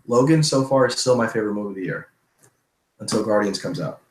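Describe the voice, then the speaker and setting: A man's voice: on the low side, fast, echoey room, low-quality recording. Casual profane streamer man. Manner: loose, profane, chatty. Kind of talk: casual livestream Q&A.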